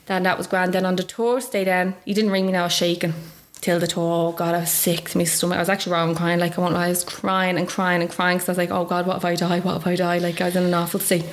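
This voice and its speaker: A woman's voice: fast talker, hardly any pauses. A young Irish woman telling a personal story in casual chat, acting out what others said with big jumps in her voice. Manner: animated, acts out quoted speech with big pitch jumps. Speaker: guest.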